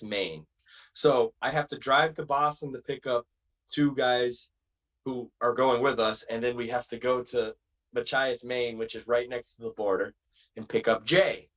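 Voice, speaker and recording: A man's voice: medium pitch, fairly bright tone, highs cut off. A man from Massachusetts, a wrestler, telling a long road-trip story in a rambling, casual way. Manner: rambling, acts out quotes in other voices. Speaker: wrestler guest.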